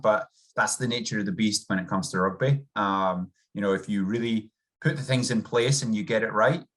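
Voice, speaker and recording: A man's voice: fairly low pitch, fairly bright tone. A man with a subtle Scottish accent, a rugby coach talking earnestly and upbeat as a guest over a video call. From Scotland. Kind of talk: interview guest.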